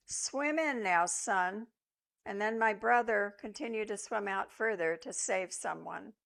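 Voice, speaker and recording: An older woman minister giving a sermon, telling personal stories with reflection and gentle humor. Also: mid-range voice, gravelly.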